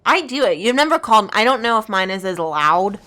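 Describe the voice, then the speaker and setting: A woman's voice: mid-range voice, very animated, fairly quick, bright, forceful tone. A woman co-hosting a let's play, chatting casually with jokes and frequent laughter. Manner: joking, self-deprecating, laughs often. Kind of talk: casual gaming chat.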